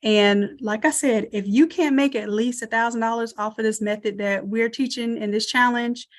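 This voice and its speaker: Southern woman, slightly high voice, energetic webinar instructor who cheers on her viewers, computer mic on a video call. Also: normal speed. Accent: Southern American. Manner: energetic, encouraging, addresses audience as y'all. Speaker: online design course instructor. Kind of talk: live webinar teaching and promotion.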